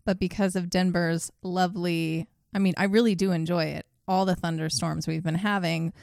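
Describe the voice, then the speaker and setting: A middle-aged woman co-hosting a podcast in easygoing, wry chat. Her low voice has a gravelly edge, and the recording is close and dry. She talks like a regular host bantering with a friend. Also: steady tone, moderate pace, darkish tone, no echo. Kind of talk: casual chat.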